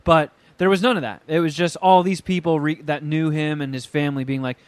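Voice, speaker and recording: Casual podcast co-host, male, fairly high voice, swears freely, acts out the people he quotes. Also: a little fast, no echo. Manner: profane, animated storytelling with acted quotes. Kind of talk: casual chat.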